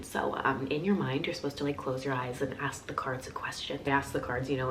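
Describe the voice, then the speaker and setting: Low-voiced woman youtuber chatting q&a style, goes soft and whispery, faint hum behind. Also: fairly even intonation, fast, few pauses, recorded from a distance. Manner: soft, often drops to near-whisper. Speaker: YouTuber answering viewer questions. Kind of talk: casual confessional Q&A chat.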